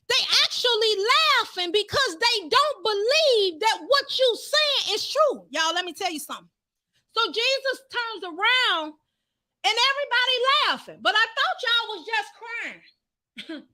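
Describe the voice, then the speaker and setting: High, bright-voiced woman preaching fervently. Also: no room sound. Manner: fervent, rising to shouts, calls out to the congregation. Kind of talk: sermon.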